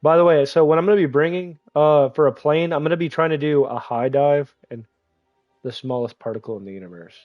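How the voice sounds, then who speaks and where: A man with congested sinuses talks through a game on his livestream, excitable and teasing, quick to swear. His voice sits a little high, and it sounds close and dry, with faint music playing underneath. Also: dry recording, phone-quality sound. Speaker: streamer. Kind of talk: casual gaming livestream commentary.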